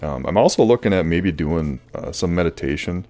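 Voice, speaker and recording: A podcast host with a low voice speaks at normal speed on his solo show. He rambles casually, relaxed and full of fillers and restarts, in a voice he claims listeners find soothing.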